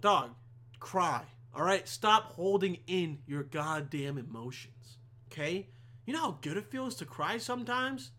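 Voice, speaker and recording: A man's voice: sits high, lively intonation, unhurried, bright, forceful tone. A young man hosting a podcast, telling a rambling, heavily profane story in a casual monologue. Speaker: podcast host.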